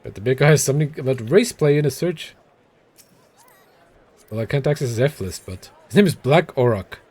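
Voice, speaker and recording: A man's voice: medium pitch, expressive, brisk, a little mellow, breathy edge. A man casually commenting while streaming a game, wry and profane, muttering asides.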